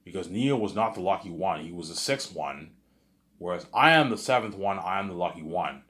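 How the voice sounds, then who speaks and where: A man with a very deep, low voice talks on his own in a loose, rambling monologue. He boasts and repeats himself, restarts his sentences and keeps tagging them with filler phrases. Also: lively intonation, fairly quick, fairly bright tone. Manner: repetitive, restarts, keeps saying "obviously" and "you know what I'm saying". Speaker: vlogger.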